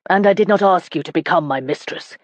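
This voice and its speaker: A woman narrator voicing a hot-tempered English nobleman in an audiobook, speaking bluntly and forcefully. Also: lowish voice, a little fast, no room sound, close to an everyday voice.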